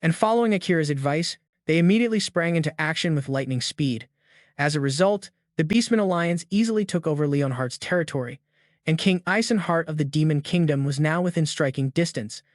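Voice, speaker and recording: A man reads a fantasy comic recap in an even, scripted storytelling manner. His voice sits a little high for a man. The sound is dry and close, with no room around it. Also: a little fast, dry recording. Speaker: recap narrator. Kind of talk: scripted narration.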